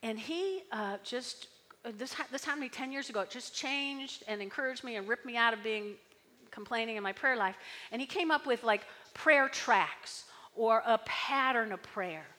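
A woman's voice: on the high side, expressive, moderate pace, pushed and bright. A woman pastor preaching a sermon in a chatty way, often checking in with the congregation and leading call-and-response. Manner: chatty, tag questions, audience call-and-response. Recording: long hall reverb.

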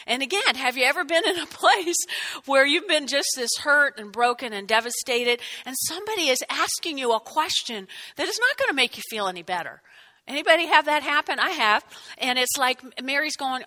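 Bright-voiced woman preaching expressively. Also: on the high side, normal speed. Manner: expressive, asks the listeners questions. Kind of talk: sermon.

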